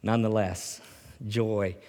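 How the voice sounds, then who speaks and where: A man preaching a sermon in an animated way, swinging from loud bursts to hushed words and often repeating himself. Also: fairly low pitch, takes it slowly. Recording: hall reverb.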